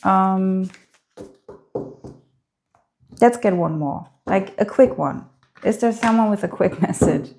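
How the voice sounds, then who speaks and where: A woman giving a spoken tarot reading in a gentle, heartfelt way, hesitant and full of filler words. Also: medium pitch, a little slow, creaky. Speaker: tarot reader.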